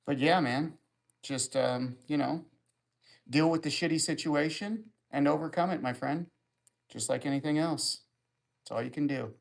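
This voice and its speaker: A man's voice: fairly high pitch, moderate pace, vocal fry. A man hosting a livestream, reading viewer comments aloud and answering them with crude, rambling jokes in easy casual chat. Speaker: livestream host.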